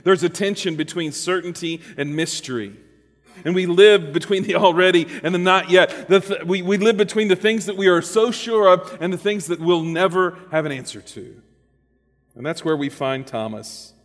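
Man, pastor, sermon, conversational, rhetorical questions, slightly high voice, church hall reverb. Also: moderate pace. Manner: conversational, dynamic preaching with rhetorical questions and humor.

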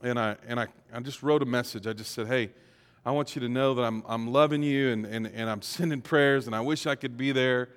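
A pastor giving a sermon in a conversational way that builds to emphatic peaks. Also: male voice, medium pitch, steady tone, fairly quick, clear, resonant tone, long reverb tail.

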